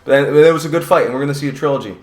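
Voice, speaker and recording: A man's voice: a little high, racing, a little mellow. Male fight commentator, casual and profane, rambling delivery, echoey room. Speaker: combat sports commentator. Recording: roomy echo.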